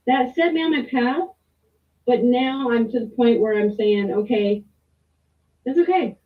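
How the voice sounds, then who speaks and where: A candid middle-aged woman tells her story in a rambling, frank way, dropping the odd swear word. Her voice sits a little high and comes over a tinny, phone-like line from some distance off the mic. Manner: rambling, candid, with frequent restarts and mild swearing. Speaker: client sharing a testimonial. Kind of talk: casual personal testimony.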